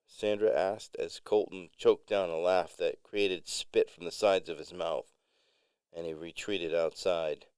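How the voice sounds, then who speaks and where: A man narrating a story in a measured, unhurried way. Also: low-pitched, fairly even intonation, darkish tone, clean tone, no echo.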